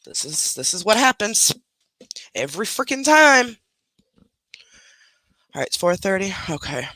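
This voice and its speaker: Lady on a home livestream, chatty and blunt, bright voice, dry close sound. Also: lowish voice, animated, fairly quick, no echo. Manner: chatty, blunt, talks to pets and chat. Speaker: livestream reaction host. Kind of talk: casual livestream chat.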